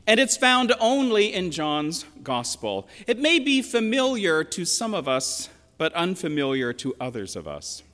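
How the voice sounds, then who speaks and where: A man's voice: high-pitched, bright, forceful tone. Reflective older male preacher in a hall. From western Pennsylvania. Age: 60s. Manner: reflective, measured storytelling with emphatic quotations. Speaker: pastor. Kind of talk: sermon. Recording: long reverb of a large hall.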